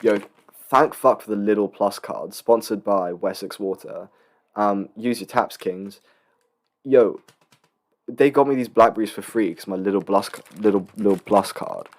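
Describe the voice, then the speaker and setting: A young man in his late teens from England, hosting a casual solo podcast in a rambling, swearing, animated storytelling way. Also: fairly low pitch, a little slow. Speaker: podcast host. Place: student accommodation room.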